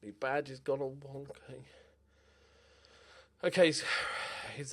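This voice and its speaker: A young man talks through his game in a loose, running commentary. He mutters to himself, swears now and then, and keeps up an animated, chatty delivery at a mid pitch. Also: slow pace. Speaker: gaming commentator. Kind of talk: casual gameplay commentary.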